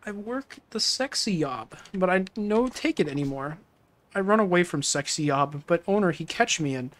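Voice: mid-range voice, moderate pace, a bit bright, natural voice. A streamer reading the lines of a struggling foreign woman from a video game, speaking broken English and swapping "j" sounds for "y". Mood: pleading.

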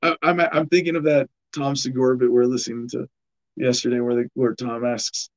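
A man's voice: mid-range voice, little pitch movement, a little fast, highs cut off. Sardonic male podcast host. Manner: sardonic, riffing on headlines with laughs and restarts. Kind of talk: casual news commentary.

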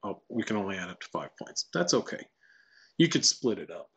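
A man walking through a software tutorial casually, thinking aloud and reading lines out to test them. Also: on the low side, sing-song, a little fast, breathy edge, muffled recording. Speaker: tutorial presenter. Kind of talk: screen-recorded software tutorial.

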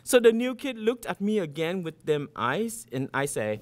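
A man's voice: high-pitched, very animated, moderate pace, hardly any pauses. A man in his fifties, an author from Vietnam, reading his short fiction aloud in a first-person boy's storytelling voice.

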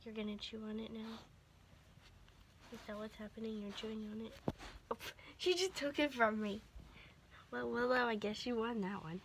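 A woman vlogging at home, half-whispering so she won't wake people and switching to a high sing-song voice when talking to her dog. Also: fairly even intonation, normal speed, long pauses, slight background noise. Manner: often half-whispering to keep quiet. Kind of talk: casual home vlog talking to her pets. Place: home indoors.

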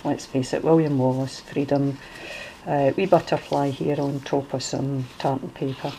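Here a middle-aged Glaswegian woman from Scotland talks casually through her handmade junk journal, stumbling over fillers and restarts. Her bass voice is warm and steady at normal speed, though the audio is poor, with a little hiss or hum.

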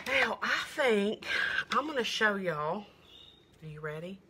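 A woman's voice: medium pitch, big pitch swings, unhurried, background noise. A middle-aged woman, doing a chatty live makeup demo and sales stream, gushing and greeting viewers by name. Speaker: makeup seller.

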